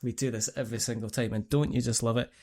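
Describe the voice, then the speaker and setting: A man's voice: medium pitch, fairly even intonation, fast talker, a little mellow. Rambling middle-aged Scottish man. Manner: rambling, chatty storytelling with many restarts. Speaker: podcast host. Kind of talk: casual chat.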